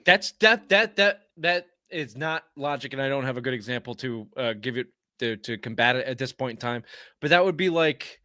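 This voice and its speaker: A man's voice: mid-range voice, animated, normal speed, pushed and bright, no echo, clean studio sound. A man hosting a casual sports podcast, blunt and opinionated, swearing freely. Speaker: podcast host.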